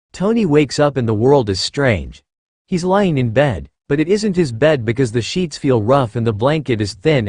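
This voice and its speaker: Brief: male narrator, storybook reading, lively melodic delivery, dry close recording. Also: medium pitch, dry recording. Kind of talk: reading fan fiction aloud.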